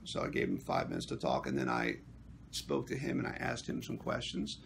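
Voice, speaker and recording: Gravelly-voiced man telling a story. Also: mid-range voice, a little fast, background noise. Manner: animated storytelling, acting out quotes. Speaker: actor and union member. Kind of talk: casual vlog recap.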